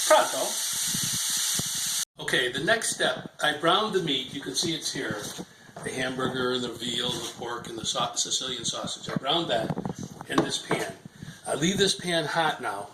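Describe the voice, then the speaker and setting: A man's voice: a little high, background noise. An older man, a grandfather, giving a chatty, rambling home cooking demonstration in his kitchen. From Ireland. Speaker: home cook. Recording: echoey kitchen with sizzling pan.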